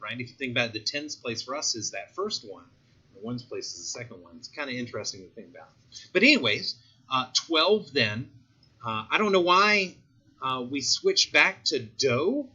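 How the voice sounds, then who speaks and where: Bright, husky-voiced male teacher. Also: medium pitch, lo-fi sound. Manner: casual, chatty explaining with asides. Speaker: chemistry teacher. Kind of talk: recorded video lesson.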